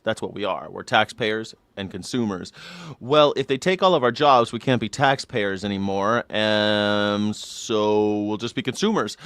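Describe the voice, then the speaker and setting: A man's voice: lowish voice, fairly bright tone, smooth, no room sound. A man hosting a news reaction show, rambling and joking with profanity and silly voices. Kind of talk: casual comedic commentary.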